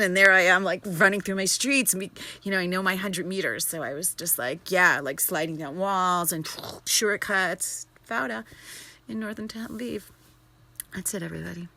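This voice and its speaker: A young woman vlogging casually from her apartment, excitable and rambling, often restarting her sentences. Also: mid-range voice, vocal fry. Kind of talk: casual daily vlog. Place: her apartment in Tel Aviv.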